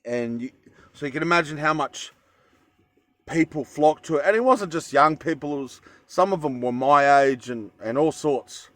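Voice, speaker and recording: A man's voice: on the high side, normal speed, a bit bright, dry recording. An Australian man telling a story in a casual vlog, rambling with fillers and self-corrections. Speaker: vlogger.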